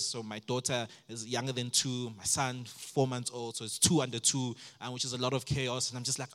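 A male pastor from South Africa delivers a sermon in a storytelling way, drawing on his own family life. His voice sits at a middle pitch for a man. At times he acts out his own past outbursts at a raised volume. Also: flat delivery, fairly quick, hardly any pauses, fairly bright tone.

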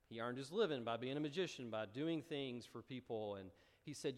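A male pastor delivering a sermon, telling stories with rising, animated emphasis. His voice sits in a middle range. It carries a long reverb, as if spoken from the front of a large hall. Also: medium pitch, fairly quick.

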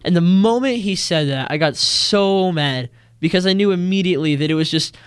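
A man's voice: sits high, normal speed, smooth, no room sound, clean studio sound. A teenage boy giving an earnest, indignant account of his own experience in a personal monologue. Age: teens. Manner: earnest, indignant, acts out quoted voices.

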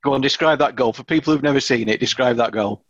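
A man co-hosting a casual chat, nudging the guest along in a relaxed, conversational way. His mid-range voice comes through dry and slightly muffled, with a lo-fi feel. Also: mid-range voice, fast, no room sound. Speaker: podcast co-host. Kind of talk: casual interview questions. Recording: dull dry lo-fi sound.

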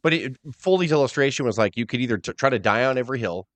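A man hosting a casual podcast, telling rambling, profane stories and slipping into quick impressions. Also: medium pitch, animated, a bit bright, no echo. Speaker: podcast host. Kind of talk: casual wrestling talk.

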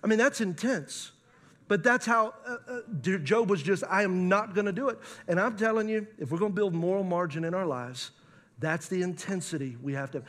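A man's voice: high-pitched, moderate pace, fairly bright tone. A middle-aged man preaching a sermon as pastor, impassioned and emotional, restarting his sentences.

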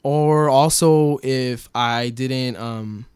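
A man's voice: medium pitch, very slow, a little mellow, clear, resonant tone, no echo. Rambling young man, clean close voice. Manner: rambling, many fillers like "bro" and "like", swears freely. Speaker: podcast guest telling his story. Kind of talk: casual storytelling chat.

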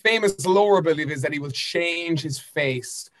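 Player, male, slightly high voice, eager, stammers. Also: moderate pace, a bit bright. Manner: eager, stammering, repeats himself. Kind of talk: casual chat.

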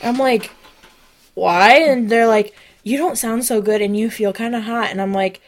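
In a slightly high voice at normal speed, a young woman on a comedy podcast narrates a story with lots of energy, voicing each character herself. She's a co-host, and she's clearly unwell, sniffing and coughing as she goes.

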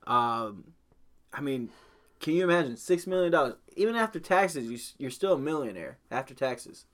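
A man's voice: mid-range voice, sing-song, moderate pace, a bit bright. A young man co-hosting a casual podcast, rambling and swearing as he talks. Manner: rambling, swears, laughs often. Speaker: podcast co-host.

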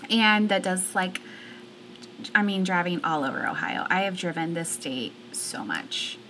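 Casting: bright, animated woman guest, storytelling with fillers, faint noise behind. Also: on the low side, a little slow. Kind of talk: casual chat.

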